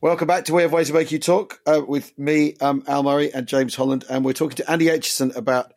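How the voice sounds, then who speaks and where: A man's voice: fairly high pitch, steady tone, fast talker, a little mellow, soft background music. A man co-hosting a podcast in casual conversation, chatty and hesitant with many ums and restarts. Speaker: podcast co-host.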